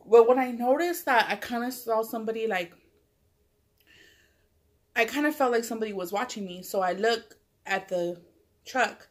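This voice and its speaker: A woman's voice: on the high side, normal speed, long pauses. Chatty woman telling a story. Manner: rambling, full of "like" and self-corrections. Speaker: mukbang vlogger. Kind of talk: casual storytelling.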